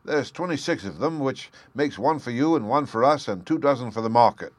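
A practical countrywoman answers briskly and plainly, with a touch of huffiness, voiced by a male reader. The sound is close and dry. Her voice barely strays from the reader's own. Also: medium pitch, expressive, no echo, close to an everyday voice. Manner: matter-of-fact, slightly huffy.

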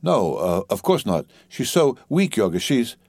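Worried older woman hushing things up, man reading, low and dry. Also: sing-song, dry recording, full character voice. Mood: anxious. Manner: hurried, hushed.

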